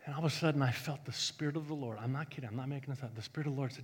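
A male pastor telling a story in a sermon, joking and animated, swinging from loud bursts to hushed tones. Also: mid-range voice, racing, breathy edge, big-room sound.

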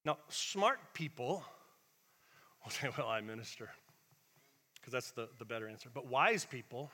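A man pastor preaching a Sunday sermon, animated and conversational, acting out the voices he quotes and swinging from loud bursts to hushed asides. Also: mid-range voice, normal speed, slightly rough, long reverb tail.

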